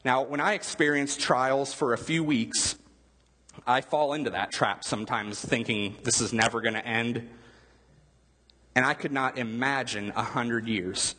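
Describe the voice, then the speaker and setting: A man's voice: mid-range voice, measured pace, sharp tone, husky, big-room sound. A male pastor giving a conversational sermon, asking his listeners questions as he goes. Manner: conversational, asks the room questions.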